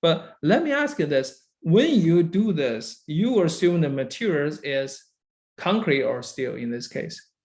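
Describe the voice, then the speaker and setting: A man's voice: on the high side, very animated, measured pace, a little mellow. A man lecturing a university engineering class, who keeps checking understanding with "right?" and "okay?" and praises students by name.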